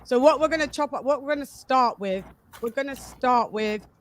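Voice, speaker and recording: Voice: high voice, normal speed. A host running a casual boxing panel, chatting in a playful, slangy way. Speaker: show host.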